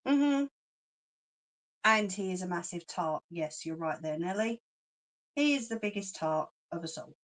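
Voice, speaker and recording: A woman's voice: lowish voice, moderate pace, a bit bright. A woman with a London accent, chatting casually on a livestream, reading out comments and laughing often with cheeky slang. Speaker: craft channel host.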